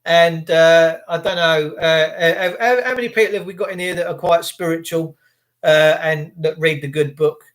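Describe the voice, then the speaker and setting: A middle-aged man hosting a casual live stream, reacting to footage with sarcasm and chatting to viewers. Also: a little high. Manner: excitable, sarcastic, addresses viewers as mate. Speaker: livestream host.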